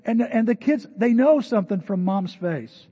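A man's voice: high voice, animated, normal speed, warm tone, slightly rough. An older man preaching a sermon in a conversational, storytelling way, addressing a church congregation. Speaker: pastor. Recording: dull lo-fi recording with long hall reverb.

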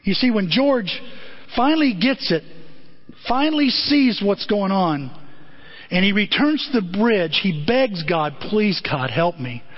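A man's voice: sits high, animated, a little slow, in a large hall. A male pastor preaching a sermon in a church, telling a story with vivid acted scenes and rhetorical questions. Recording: dull lo-fi sermon recording.

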